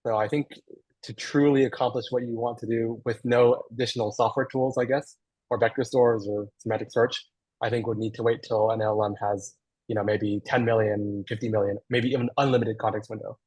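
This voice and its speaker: Husky-voiced man answering questions on a call. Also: mid-range voice, flat delivery, brisk, a little mellow, poor audio. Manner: hesitant, thinks aloud with fillers and restarts. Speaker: guest speaker answering audience questions. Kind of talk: online Q&A after a technical talk. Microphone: video call.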